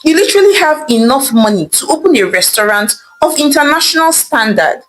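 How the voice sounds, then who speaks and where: A woman's voice: sits high, animated, fairly quick, fairly bright tone, pitched above the performer's own voice, low-quality recording. A woman voicing a scornful young lawyer daughter, who mocks and dismisses what she hears. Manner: mocking, dismissive, laughing.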